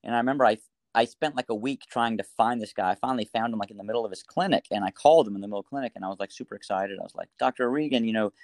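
A middle-aged man, a doctor talking through a story and advice in a casual interview, animated, with frequent restarts. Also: on the low side, rapid-fire, no room sound. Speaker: pediatric doctor guest.

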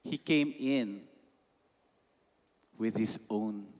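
A man's voice: lowish voice, extremely slow, darkish tone. A man with a Filipino accent preaching a sermon emphatically, slipping Tagalog phrases into his English. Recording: long reverb of a large hall.

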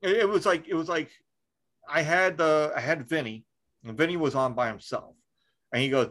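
A man's voice: on the high side, moderate pace, a bit bright, poor audio. A man hosting a podcast in casual chat, rambling with lots of fillers, restarts and swearing. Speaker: podcast host.

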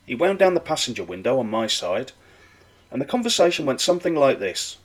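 A man telling a comic anecdote with wry, animated delivery. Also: mid-range voice, brisk, poor audio. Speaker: storyteller.

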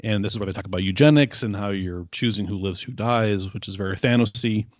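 A man's voice: lowish voice, fast, no room sound, highs cut off. A man co-hosting a podcast, casually recapping an episode with rambling asides and filler words. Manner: rambling, lots of ums and quoted asides. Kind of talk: casual chat.

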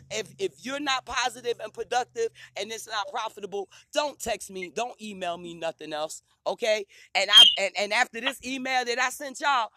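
A man's voice: high-pitched, bright, forceful tone. A man hosting a talk radio show, ranting in a heated, profane way and stumbling over repeated words as he gets worked up.

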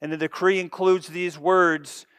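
A man preaching a sermon, with expressive delivery that moves from loud emphasis to hushed asides. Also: sits high, unhurried, clear, resonant tone, no echo, studio quality. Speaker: pastor.

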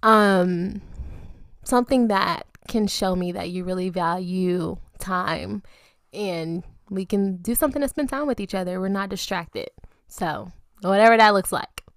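A woman's voice: medium pitch, measured pace, dry recording, studio quality. A young adult woman co-hosting a podcast in casual chat, playful and slangy, laughing often. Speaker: podcast co-host.

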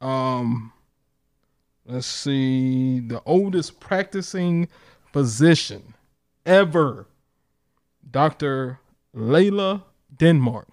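A man's voice: mid-range voice, expressive, very slow, long pauses, no room sound, clean studio sound. A man co-hosting a podcast in casual chat, blunt and profane, reading out facts. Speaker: podcast co-host.

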